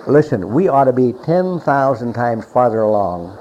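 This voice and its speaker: A middle-aged man preaching a sermon emphatically, repeating phrases and swinging between loud and quiet. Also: mid-range voice, big pitch swings, normal speed. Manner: emphatic, repeats phrases, rises and drops in volume. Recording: dull lo-fi recording with faint hiss.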